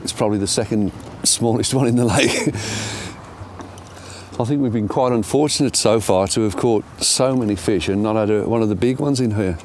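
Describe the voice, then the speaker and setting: A man's voice: lowish voice, moderate pace, darkish tone, slight background noise. A middle-aged man, talking casually and self-deprecatingly while fishing outdoors by a lake. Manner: chatty, self-deprecating commentary. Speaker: angler presenter.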